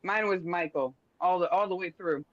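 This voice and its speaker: A man's voice: sits high, brisk, a crowd in the background. A man co-hosting a casual advice show, swearing freely and talking with animation. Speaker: co-host. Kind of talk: casual podcast chat. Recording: dry, dull lo-fi sound.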